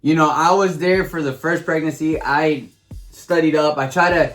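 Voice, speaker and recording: A man's voice: fairly high pitch, fairly even intonation, normal speed, fairly bright tone, faint music behind. A man casually telling a birth story as a vlogger, playful and acting out quotes. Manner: playful, acts out quoted voices.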